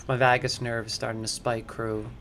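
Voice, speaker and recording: A man streaming a video game live, talking his moves through aloud to his chat, and loud and jumpy whenever something startles him. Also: medium pitch, noisy background. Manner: chatty, thinks aloud to chat. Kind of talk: live gameplay commentary.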